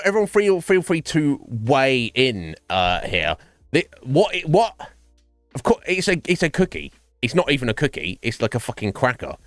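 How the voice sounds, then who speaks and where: A man's voice: mid-range voice, a bit bright, dry recording. A man chatting casually with his stream viewers, rambling, swearing and laughing often.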